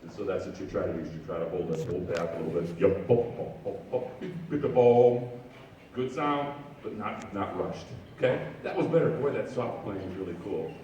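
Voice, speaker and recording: A man's voice: low-pitched, fairly quick, hardly any pauses, lo-fi sound. A man directing a band rehearsal, singing parts aloud, counting off and cheering the players on. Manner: animated and encouraging. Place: large echoey rehearsal hall. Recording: echoey hall, distant mic, noisy.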